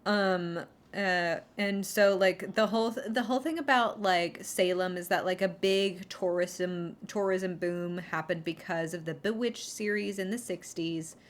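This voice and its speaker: A woman streamer rambles in casual chat, full of ums and false starts. She drops sarcastic asides as she goes. Her voice sits slightly low for a woman. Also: measured pace. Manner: rambling, sarcastic, heavy on fillers.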